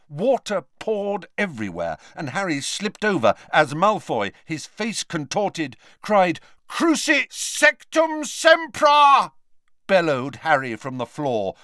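A man's voice: on the high side, fairly bright tone, dry recording, clean studio sound. A man narrating a novel as an audiobook, with dramatic storytelling. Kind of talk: scripted narration.

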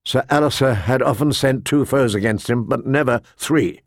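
A man narrating a fantasy novel in a measured, steady storytelling voice. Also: medium pitch, dry recording, clean studio sound. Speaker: audiobook narrator.

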